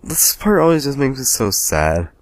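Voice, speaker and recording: This let's play host has a medium-pitched, sing-song voice at normal speed, with no room sound. He chats casually about the game while playing, rambling on and making self-deprecating jokes.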